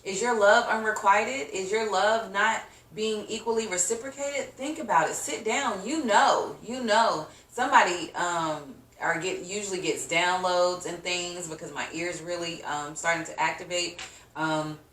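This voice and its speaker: A woman's voice: lowish voice, fairly even intonation, normal speed, fairly bright tone, echoey room, recorded from a distance, a little hiss or hum. A woman giving a casual tarot reading to her viewers, chatty and slangy, laughing often and acting out reactions. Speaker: tarot reader.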